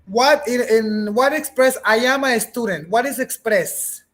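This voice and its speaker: A woman's voice: fairly high pitch, a little slow. A woman teaching a beginner English class, patiently repeating words, checking that students follow, and slipping into Spanish now and then.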